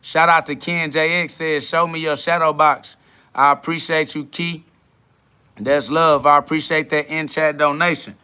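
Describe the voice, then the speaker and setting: A man's voice: a little high, little pitch movement, normal speed, bright, forceful tone, clear, resonant tone. A man hosting a livestream, answering chat comments in a combative, dismissive way and swearing a lot. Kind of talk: profane spiritual livestream rant.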